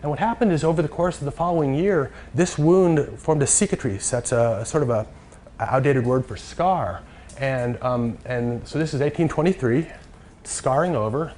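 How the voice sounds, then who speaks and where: Man, lecturer, halting delivery, frequent fillers, faint background noise. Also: mid-range voice, a little mellow. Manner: halting, many fillers and restarts. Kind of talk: lecture with slides.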